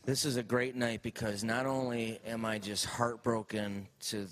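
A male comedian with a low, deep voice tells a long stand-up story at an unhurried pace. He keeps the delivery animated and slips into other people's voices to act out what they said.

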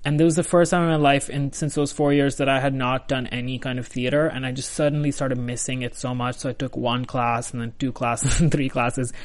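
A man's voice: medium pitch, little pitch movement, brisk, hardly any pauses. A young adult man telling a story as an interview guest in a casual, rambling way, full of "like" and restarts. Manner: chatty, full of "like" and restarts, laughs through.

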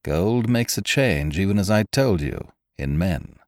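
A man's voice: sits low, animated, a little slow, dry recording, studio quality, voice pushed up. A man voicing a cheerful, mocking pirate captain who gloats over his beaten rivals. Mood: musing. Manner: gloating, blithe, derisive.

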